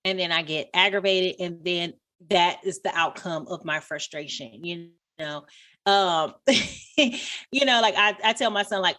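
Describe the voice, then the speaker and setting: A woman's voice: medium pitch, unhurried, bright, forceful tone. A woman as a podcast guest, telling stories openly in casual conversation. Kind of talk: casual interview chat.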